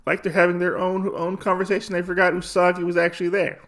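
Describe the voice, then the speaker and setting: A man's voice: high voice, monotone, quick pace, a bit bright. A man hosting a podcast, casually recapping a comic story with lots of fillers and restarts. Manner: rambling, filler-heavy storytelling. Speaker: podcast host.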